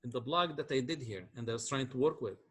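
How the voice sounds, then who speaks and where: Guy lecturing an engineering class, bit husky, keeps asking "correct?" as he goes. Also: mid-range voice, fast. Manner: explains step by step, checks in with students. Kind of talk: university lecture.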